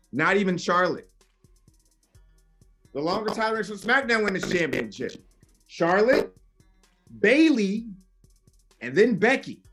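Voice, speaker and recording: High-voiced man arguing emphatically. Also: a bit bright. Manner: emphatic, insistent, repeats points. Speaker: podcast debater. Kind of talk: heated wrestling debate.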